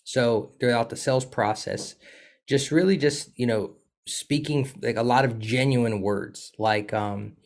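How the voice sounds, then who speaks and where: A man's voice: medium pitch, a little slow, darkish tone. A man, a sales coach in a casual conversation, who talks in an affirming, enthusiastic way.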